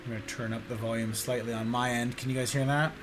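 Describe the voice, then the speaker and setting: A man's voice: mid-range voice, steady tone, quick pace, very noisy. A man casually commentating a video game live, playful and chatty, greeting his viewers. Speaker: game streamer.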